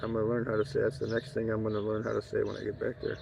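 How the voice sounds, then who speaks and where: Here a travel vlogger talks rapid-fire in a low, monotone voice with vocal fry, rambling casually. Profane, joking, and digressive, he's captured in dull lo-fi sound with faint outdoor noise.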